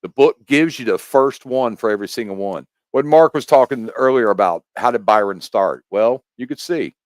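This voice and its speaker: Rambling, animated American man. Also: medium pitch, moderate pace, dry recording. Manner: rambling, animated explaining with restarts. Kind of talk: casual chat.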